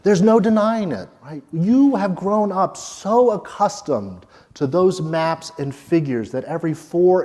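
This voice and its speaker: A man's voice: on the high side, a little mellow, big-room sound. A man presenting his research as a lecture, speaking directly to the audience and checking in with "okay?" and "right?".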